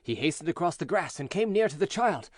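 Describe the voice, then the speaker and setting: A man narrating a fairy tale for English learners in a clear, measured, expressive way. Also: on the high side, no echo, studio quality. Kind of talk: storybook reading for English learners.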